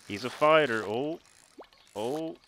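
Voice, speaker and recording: A man's voice: mid-range voice, takes it slowly, a bit bright, slight background noise. A man giving casual, joking and self-mocking commentary while playing a video game. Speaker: gaming video host.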